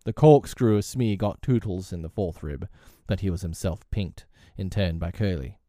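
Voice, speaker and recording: A man narrating a storybook in an expressive, dramatic reading style. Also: deep voice, normal speed, dry recording, clean studio sound. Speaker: audiobook narrator.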